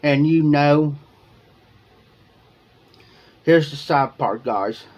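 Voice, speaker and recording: A man's voice: on the high side, very slow, darkish tone, lo-fi sound. A man hosting a livestream, telling a long personal story in a rambling way, repeating himself and quoting what was said. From Ohio. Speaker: livestream host. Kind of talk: casual storytelling to viewers.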